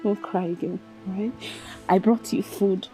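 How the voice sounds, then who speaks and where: An actress with a Nigerian accent playing a gentle young woman softly comforting a grieving friend. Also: mid-range voice, fairly even intonation, normal speed, soft background music, close to an everyday voice. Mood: tender. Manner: soft, pleading, soothing.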